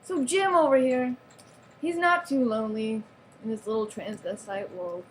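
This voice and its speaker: A woman's voice: on the high side, fairly even intonation, normal speed, a little hiss or hum. A woman giving a playful, mock-serious show-and-tell of a toy, with giggles and sarcastic asides. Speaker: vlogger showing off a toy.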